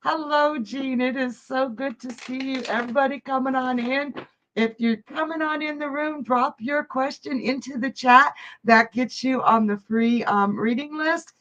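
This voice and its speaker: A woman with a high, slightly bright voice hosts a live psychic stream at a moderate pace. Reading viewer comments, she chats in a bubbly way and laughs a lot, though the audio is dull.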